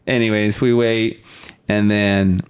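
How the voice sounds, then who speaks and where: A man's voice: lowish voice, level tone, takes it slowly, clean tone. A young man, a podcast guest, casually telling stories and laughing often. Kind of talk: casual storytelling.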